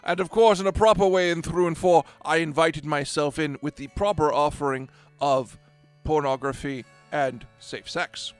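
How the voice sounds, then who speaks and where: A man's voice: on the high side, steady tone, normal speed, hardly any pauses, clear, resonant tone, faint music behind, lightly acted. A man playing a lewd, mock-proper colonial governor in an improvised tall tale. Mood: pompous.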